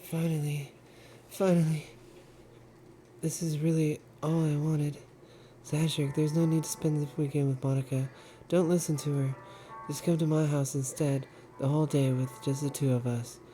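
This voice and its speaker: A man's voice: a little high, flat delivery, moderate pace, dark tone, faint music behind, voice pushed up, close to an everyday voice. A man reading as an obsessive lovestruck girl. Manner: reading aloud in a plain voice. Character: obsessive lovestruck young woman, unhinged. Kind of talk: reading game dialogue aloud.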